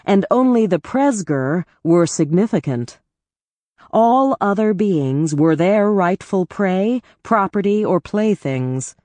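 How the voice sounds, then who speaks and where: A woman reading a novel aloud in the first person, in a measured, even way. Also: medium pitch, no room sound. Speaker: audiobook narrator. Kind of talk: scripted first-person narration.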